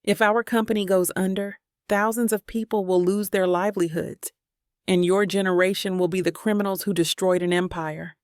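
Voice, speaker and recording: A woman's voice: mid-range voice, fairly even intonation, moderate pace, clear, resonant tone, no echo, clean studio sound, lightly acted. A woman narrator voicing a stern, domineering middle-aged father who speaks curtly and commands. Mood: harsh. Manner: curt, commanding.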